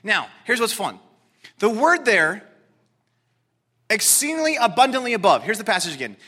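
A man preaching an expository sermon to a seated congregation in a church, emphatic and excitable, swinging between loud declarations and hushed asides. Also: sits high, normal speed, slightly rough.

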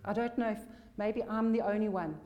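A woman's voice: medium pitch, fairly quick, muffled recording. A woman preaching a sermon, emphatic, repeating key phrases for weight.

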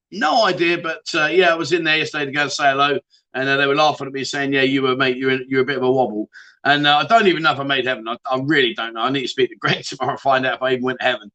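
Middle-aged male host, bright voice, matey and jokey, reads viewer comments live. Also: a little high, highs cut off. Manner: chatty, jokey, matey, greets viewers by name. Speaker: livestream host. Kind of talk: casual livestream chat reading viewer comments.

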